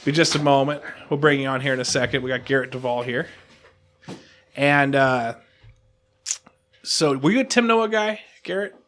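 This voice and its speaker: A man hosting a podcast, telling a long story in casual chat, animated and self-deprecating, acting out what people said. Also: mid-range voice, normal speed, long pauses. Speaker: podcast host.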